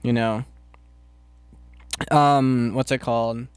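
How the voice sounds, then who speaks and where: A man's voice: mid-range voice, fairly even intonation, slow pace, smooth, no echo. A man streaming casually and rambling to his chat, loose and profane, with lots of filler words. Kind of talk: casual chat, answering live chat.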